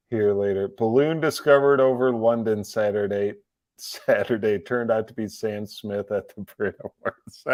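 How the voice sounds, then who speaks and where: A man's voice: on the low side, darkish tone, no echo. A man hosting a live-streamed commentary show, talking in a mocking, sarcastic way, laughing often and repeating words as he restarts his sentences. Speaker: livestream political commentary host.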